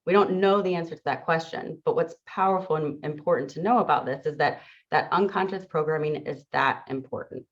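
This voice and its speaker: A middle-aged woman, a teacher and coach, giving an earnest, reflective motivational talk to an audience. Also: deep voice. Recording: dull lo-fi sound.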